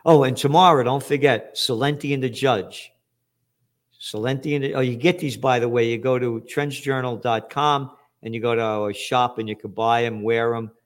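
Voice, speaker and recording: A man's voice: medium pitch, steady tone, normal speed. Angry, profane male show host. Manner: angry, profane, shouting outbursts. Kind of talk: ranting commentary.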